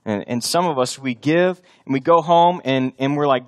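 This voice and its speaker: A male pastor preaching a sermon, emphatic and animated, slipping into acted-out voices for imagined scenes. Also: mid-range voice, fairly quick, hardly any pauses.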